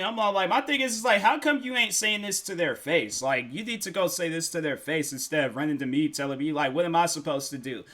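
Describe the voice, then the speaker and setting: A man's voice: a little high, animated, fast talker, hardly any pauses, fairly bright tone. A man hosting a reaction video, talking casually in a rambling, self-correcting way.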